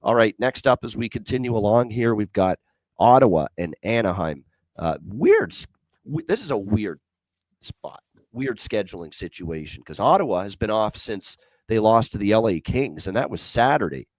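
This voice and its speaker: Deep-voiced man breaking down betting picks. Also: very animated, normal speed, no echo. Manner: frequent fillers, repeats key stats. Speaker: betting show host. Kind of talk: sports betting analysis.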